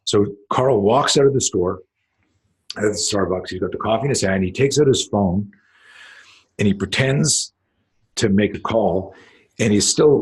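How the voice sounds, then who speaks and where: A middle-aged man, a self-defense coach, telling stories in a casual interview, rambling and animated, acting out quotes with swearing. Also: fairly low pitch, breathy edge. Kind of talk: casual storytelling in a podcast interview.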